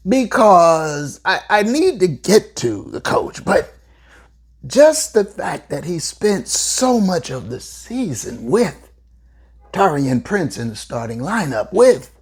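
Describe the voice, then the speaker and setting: Host, female: husky, unhurried, lively pitch; emphatic sports commentator with playful asides. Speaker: podcast host. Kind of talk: solo sports talk commentary.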